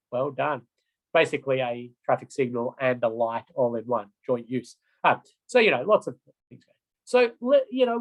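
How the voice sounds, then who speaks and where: A man's voice: on the high side, gravelly, poor audio. A middle-aged man giving an online road safety training lecture, chatty, often checking in with "right?" and "okay?".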